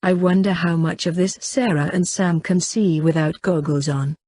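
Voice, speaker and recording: A woman narrating an audiobook in the first person with a steady, measured reading. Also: lowish voice, no echo.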